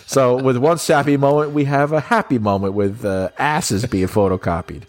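A man's voice: mid-range voice, normal speed. A man co-hosting a casual film review chat, talking loosely, laughing often and acting out lines from the film. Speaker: podcast co-host. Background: faint synth music.

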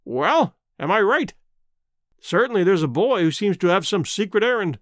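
A man's voice: high voice, big pitch swings, moderate pace, a bit bright, no echo, clean studio sound. A man voicing a spiteful, pompous old busybody squire who blusters with indignation, reading a storybook. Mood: excited.

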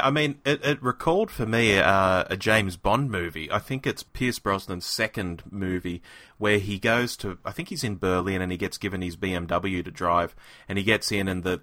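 A man's voice: low-pitched, sharp tone, no echo. A man co-hosting a podcast and giving an enthusiastic, conversational episode review on a close mic. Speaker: podcast co-host. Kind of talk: casual review chat.

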